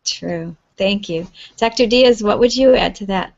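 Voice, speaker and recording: A woman's voice: mid-range voice, measured pace, gravelly, a little mellow, dry recording. A woman hosting and moderating a panel discussion, in a loose, friendly manner with fillers, over muffled lo-fi online audio.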